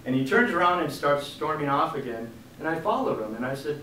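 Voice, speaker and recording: A man, an author giving a book reading, telling a story in an animated way and acting out the quotes. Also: a little high, fairly quick, few pauses, slight background noise. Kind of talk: storytelling talk. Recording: echoey room from a distant mic.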